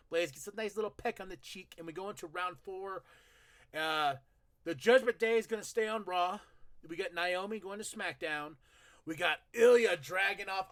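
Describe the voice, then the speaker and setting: A man's voice: sits high, a bit bright, no room sound, clean studio sound. A man hosting a podcast, casually recapping a wrestling show, laughing and acting out the wrestlers' lines with lots of energy. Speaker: podcast host. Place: home room.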